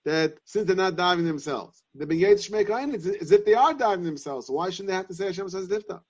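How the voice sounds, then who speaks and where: Guy thinking out loud in a torah class, repeats himself, muffled recording. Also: high voice. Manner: halting, repeats phrases while reasoning. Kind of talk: Talmudic lesson, thinking aloud. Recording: dull lo-fi sound.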